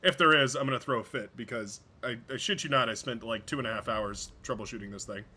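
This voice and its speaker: A man's voice: medium pitch, fast, bright, forceful tone, a little hiss or hum. A man streaming a video game live, chatting casually and rambling, often stumbling over his own words.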